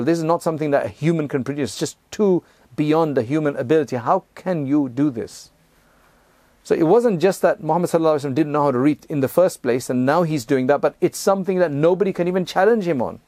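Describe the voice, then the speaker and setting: A man's voice: a little high, fast, mellow, no echo. A man giving a conversational religious lesson, explaining step by step, often checking in with "right?" and "you know", and sometimes chanting verses in Arabic. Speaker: Islamic teacher.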